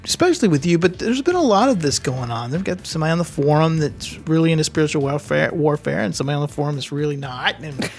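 A man's voice: on the high side, lively intonation, fast talker, gravelly, few pauses, slight background noise. Hesitant man co-hosting a faith talk. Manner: hesitant, searching for words, many restarts. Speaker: podcast co-host. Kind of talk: casual faith discussion.

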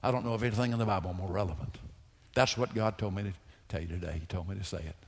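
A man preaching a sermon to his congregation, swinging between loud, fervent pleas and hushed, quiet lines. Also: deep voice, racing, slightly rough, in a large hall. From United States. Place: church sanctuary.

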